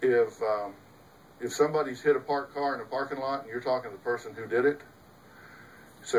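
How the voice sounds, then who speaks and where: A man's voice: mid-range voice, fairly even intonation, a little fast, pauses often. Emphatic folksy man, distant and slightly noisy. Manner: emphatic, folksy, rhetorical questions. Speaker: talk show host and psychologist. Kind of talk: lecture to a live audience.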